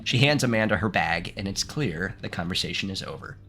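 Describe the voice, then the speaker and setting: A man's voice: low-pitched, expressive, fairly quick, bright, forceful tone, faint music behind. A man from the United States streaming gameplay, reading game text aloud and chatting playfully with his viewers, laughing often. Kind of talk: live-streamed gameplay commentary.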